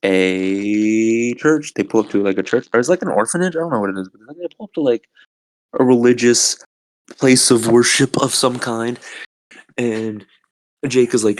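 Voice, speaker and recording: A man's voice: medium pitch, normal speed, dry recording. A man hosting a podcast, retelling a film scene in a loose, rambling way with many fillers. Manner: casual, filler-heavy, rambling. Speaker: podcast host.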